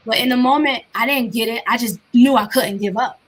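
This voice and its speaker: A woman's voice: on the high side, fairly quick, slightly rough. A woman from New Jersey, a guest artist in a casual interview, telling stories with energy and acting out the voices of the people in them. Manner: animated storyteller acting out quoted voices.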